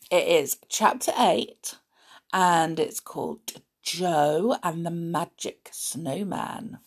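Woman reading to children, storybook narration, husky, lively intonation, middle-aged. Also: fairly low pitch. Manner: warm chatty asides, giggly, expressive.

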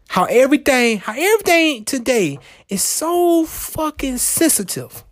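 A woman ranting in a heated, profane way, repeating herself and swinging her pitch up and down. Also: very animated, a little slow, no echo, clean studio sound. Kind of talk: profane personal rant.

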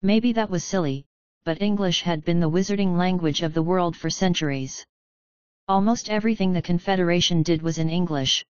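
A woman narrating a book chapter in a calm, measured storytelling manner. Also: on the low side, no room sound, muffled recording. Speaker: audiobook narrator. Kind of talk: scripted narration.

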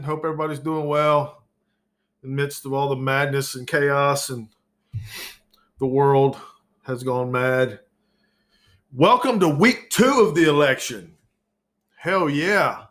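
Slow and pausing often, a podcast host with a voice on the high side delivers a solo rant about the news. He's over-caffeinated, profane and sarcastic, exasperated enough for loud outbursts.

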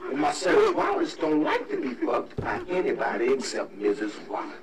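An actor playing an intense male hitman who shouts threats and recites scripture like a preacher, heard as a film clip played back from a distance. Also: fairly high pitch, huge pitch swings, normal speed, gravelly, very noisy, exaggerated voice. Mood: menacing shouting. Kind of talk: film dialogue.

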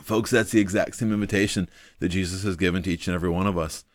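Low-voiced man, earnest devotional talk. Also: fairly even intonation, quick pace, no echo. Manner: earnest, thinking aloud, many ums, repeats key points. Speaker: devotional video host. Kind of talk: informal devotional Bible teaching.

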